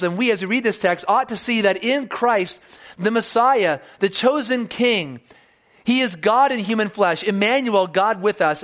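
Male pastor, sermon delivery, high voice, earnest, repeats words on restarts. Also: fairly bright tone.

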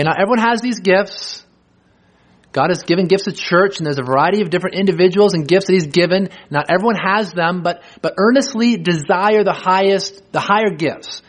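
Man, high voice, sermon preacher, slow scripture reading, rhetorical questions. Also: husky. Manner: reads verses slowly, then explains with rhetorical questions.

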